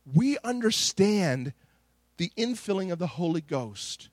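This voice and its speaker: A middle-aged male pastor preaches with passion, his voice sitting high for a man. He stumbles over repeated words and restarts phrases as he builds a story. The sound is dry and close, with no room echo. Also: big pitch swings, measured pace, darkish tone. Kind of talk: Pentecostal sermon.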